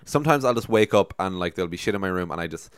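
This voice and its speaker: A man's voice: sits low, racing, clean tone, no room sound, clean studio sound. A young man from Ireland telling stories on a casual podcast, swearing freely and acting out his own past reactions. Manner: animated storytelling, swears a lot, voices his past self. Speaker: podcast co-host.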